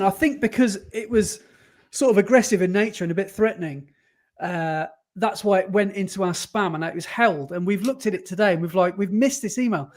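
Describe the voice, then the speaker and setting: High-voiced podcast co-host. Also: male voice. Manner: animated and quick to laugh. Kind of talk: casual chat, reading listener emails aloud.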